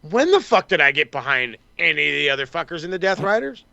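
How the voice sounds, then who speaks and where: Gravelly, bright-voiced man ranting about wrestling. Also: on the high side, big pitch swings, muffled recording. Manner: fast, heated, swears constantly, mock quotes. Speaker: podcast co-host. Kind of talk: profane wrestling recap rant.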